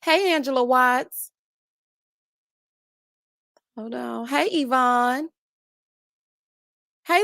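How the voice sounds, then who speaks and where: A woman hosting a live-streamed reality TV review, lively and chatty, calling out "child" and "honey" as she greets viewers by name. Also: fairly high pitch, dry recording, studio quality. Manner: sassy, says "child" and "honey". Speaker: host.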